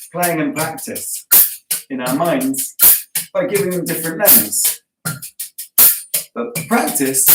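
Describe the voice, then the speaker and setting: Roomy, distant drum teacher counting aloud. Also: male voice, on the high side. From England. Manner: chanting drum patterns and stickings aloud; relaxed, encouraging, chatty. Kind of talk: guided practice lesson. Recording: roomy, distant sound with music behind. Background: metronome and drumming.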